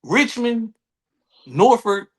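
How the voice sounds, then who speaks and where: A man's voice: very high-pitched, very animated, drawn-out words, breathy edge. A man with a DC-area accent, co-hosting a podcast in casual, profane chat and acting out other people's voices. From Washington DC area. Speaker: podcast co-host.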